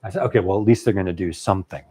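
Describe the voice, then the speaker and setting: A man, a novelist, telling a long story in casual conversation, animated and halting with many fillers and restarts. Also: sits low. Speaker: novelist guest.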